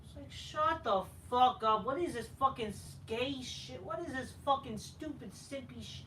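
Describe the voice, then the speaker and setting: A man's voice: extremely high pitch, unhurried, bright, forceful tone, slight background noise. A man hosting a wrestling review show, ranting profanely and rambling with lots of fillers, recorded in an echoey room from a distant mic. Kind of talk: profane casual rant.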